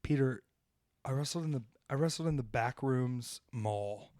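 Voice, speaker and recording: A man's voice: mid-range voice, normal speed, dry recording, clean studio sound. Fired-up, profane man ranting. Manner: profane, emphatic, swings between loud and hushed. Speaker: professional wrestler and podcast co-host. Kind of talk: fired-up rant, then casual storytelling.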